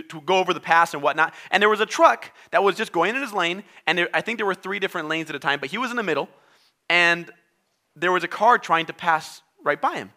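Native spanish speaker preaching, high bright voice, super lively, acts stuff out. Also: male voice. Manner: animated, acts out inner voices and quotes. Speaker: pastor. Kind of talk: sermon.

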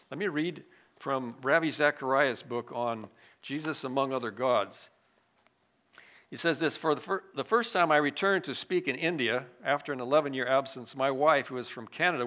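A man preaching a sermon and reading scripture aloud. He swings between loud, emphatic lines and hushed, quiet asides. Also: medium pitch.

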